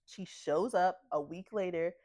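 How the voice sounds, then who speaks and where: A woman's voice: lowish voice, a little slow. A woman podcast host casually retelling a book's plot in a playful way. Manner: animated, playful.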